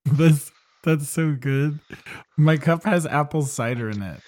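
A man's voice: on the high side, takes it slowly, darkish tone, no echo. A man co-hosting a podcast in casual chat, rambling and correcting himself as he goes. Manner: hesitant, rambling, self-correcting. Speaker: podcast co-host.

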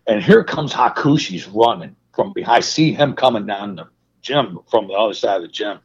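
A man being interviewed as a guest, telling animated, profane stories in casual chat. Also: fairly low pitch, moderate pace, husky. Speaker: guest, wrestling manager. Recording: muffled lo-fi sound.

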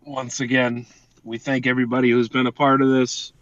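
A man's voice: mid-range voice, level tone, brisk, a bit bright, no echo. A man co-hosting a podcast, casually swearing while reading out thank-yous. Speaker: podcast co-host. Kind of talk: casual chat. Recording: dull dry lo-fi mic.

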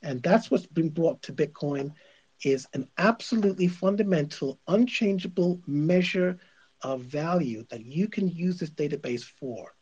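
A man's voice: fairly high pitch, animated, measured pace, darkish tone, breathy edge, highs cut off. A male radio host giving opinionated commentary, emphatic and insistent, repeating his points.

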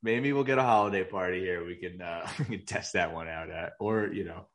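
A man with a fairly low voice co-hosts a casual podcast. He is easygoing, laughs along with his partner, and adds quick quips. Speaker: podcast co-host. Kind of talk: casual chat.

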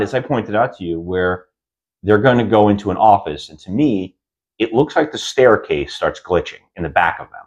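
A man's voice: on the low side, animated, normal speed, a little mellow. A man co-hosting a podcast, retelling a film in a casual, rambling way with many restarts. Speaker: podcast co-host reviewing films. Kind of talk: casual chat.

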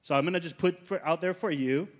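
A man's voice: fairly high pitch, fast talker, long reverb tail. A male pastor teaching a sermon in a conversational way, often checking in with the congregation.

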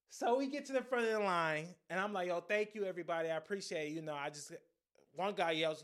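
A man's voice: high-pitched, animated, normal speed, a bit bright. A young man hosting a solo podcast, telling an embarrassing story in a casual, profane, slangy way. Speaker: podcast host.

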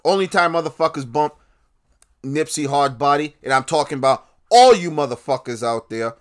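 A man hosting his own independent podcast, ranting with a lot of profanity, swinging between loud outbursts and low muttering. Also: animated, normal speed. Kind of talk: podcast rant.

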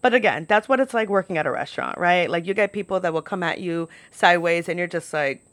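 A young New York woman hosts a podcast, telling stories in a casual monologue with a lowish, fairly bright voice at a quick, animated pace. She is chatty, says "like" constantly, and throws in profane asides, recorded with no echo.

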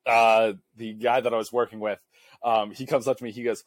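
A man's voice: mid-range voice, flat delivery, fairly quick, no room sound. Young man rambling through a story. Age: young adult. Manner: rambling, heavy use of filler "like". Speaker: podcast co-host; college student section leader. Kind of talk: casual storytelling chat.

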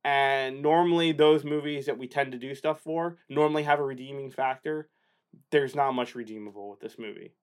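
A man's voice: mid-range voice, a little fast, clean tone. A man from the northeastern United States, co-hosting a film podcast in joking casual chat, laughing often. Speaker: podcast co-host.

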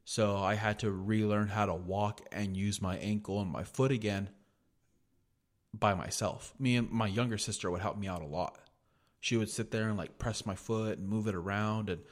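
A young American man hosts a podcast, telling a story in a lowish, steady voice at normal speed. He's laid-back, swears freely, and says "like" constantly.

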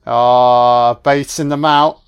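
A man's voice: mid-range voice, steady tone, takes it slowly, smooth. A man giving a casual, wisecracking film commentary on a first watch, swearing freely and talking back at the screen. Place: home recording, voice only.

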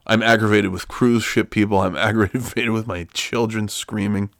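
A man's voice: on the low side, fairly even intonation, moderate pace, a bit bright, no room sound, studio quality. A middle-aged man hosting a podcast from home, ranting in an exasperated, profane way. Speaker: podcast host. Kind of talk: solo podcast rant. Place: home room.

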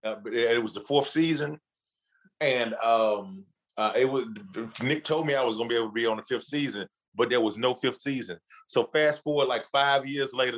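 Over poor audio, a man with a mid-range voice tells a story as a guest in a casual interview. He uses loose, profane street slang and acts out the people he quotes, laughing as he goes in animated fashion.

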